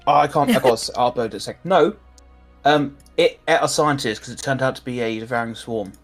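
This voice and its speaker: A man's voice: mid-range voice, brisk, faint music behind. A man with a mid-range voice recounts game events to fellow players over a voice call. He rambles and hesitates, full of ums and restarts. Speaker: player in a multiplayer game session. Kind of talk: casual group chat over voice call.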